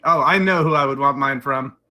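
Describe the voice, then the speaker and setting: A man's voice: mid-range voice, brisk, pushed and bright. A man hosting a casual chat, joking and playful.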